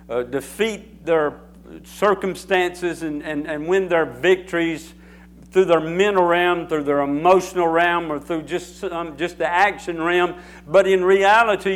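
A man preaching a sermon, repeating phrases and building emphasis as he speaks. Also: fairly high pitch. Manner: repetitive, emphatic preaching with rising intensity.

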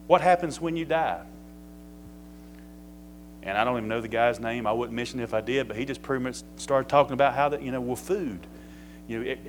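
A man delivers a sermon in a relaxed, folksy manner, mid-pitched and conversational, then rising to emphatic peaks when he drives a point home. A faint hum sits under the recording. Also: low-quality recording. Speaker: pastor.

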